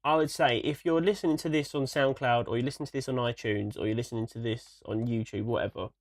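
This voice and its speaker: A man's voice: medium pitch, steady tone, fast, no room sound. A young man, co-hosting a casual podcast in an easygoing, explaining way. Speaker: podcast co-host. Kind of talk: casual chat.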